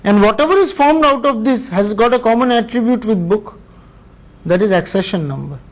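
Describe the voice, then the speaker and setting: Higher-pitched Indian-accented male lecturer. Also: animated, poor audio. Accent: Indian English. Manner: measured, explanatory, pauses between phrases. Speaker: university lecturer. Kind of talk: recorded classroom lecture.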